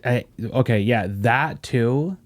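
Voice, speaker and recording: A man hosting a casual podcast chat, talking in an animated, profane way with frequent laughs and quick asides. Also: medium pitch. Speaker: podcast host.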